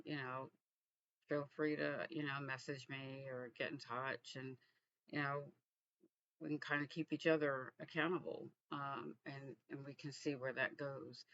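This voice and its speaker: A man from Texas, vlogging in a reflective, halting way with frequent restarts. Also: mid-range voice, gravelly, a bit bright, no room sound, muffled recording. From Texas, USA. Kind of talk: casual personal vlog.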